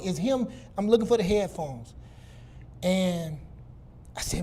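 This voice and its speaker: A middle-aged man from Detroit, a guest speaker telling a casual, animated story with plenty of repetition. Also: high voice, unhurried, husky. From Detroit, USA.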